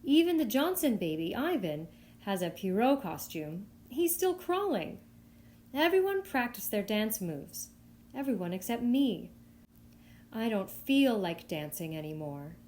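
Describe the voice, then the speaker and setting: Expressive woman reading a picture book. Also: slight background noise. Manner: expressive, lifting high for the child's voice. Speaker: storytime reader.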